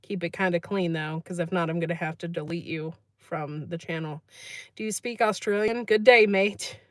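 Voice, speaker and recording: This American woman runs a casual livestream, chatting, laughing frequently, and reading chat comments. She speaks at a normal speed in a fairly low voice, recorded dry with studio quality.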